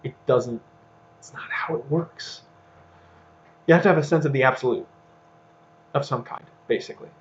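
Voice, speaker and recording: A man co-hosts a casual talk, working his ideas out as he speaks, full of restarts and fillers. His recording sounds dull and lo-fi, with a middling pitch. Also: moderate pace, long pauses. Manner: rambling, thinks aloud with fillers and restarts. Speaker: podcast co-host. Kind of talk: casual discussion.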